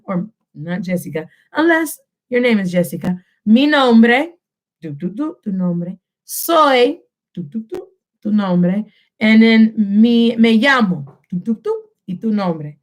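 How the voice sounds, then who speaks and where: High-voiced woman teaching Spanish. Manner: drills phrases slowly and asks the listener to repeat; mixes English and Spanish mid-sentence. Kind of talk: home-recorded language lesson.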